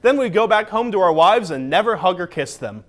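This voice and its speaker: A young man presents a comic segment in a theatrical, mock-grandiose way. His voice sits high and leaps around with lively melody. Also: fairly quick. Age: young adult. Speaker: student show presenter. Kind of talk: comic scripted monologue.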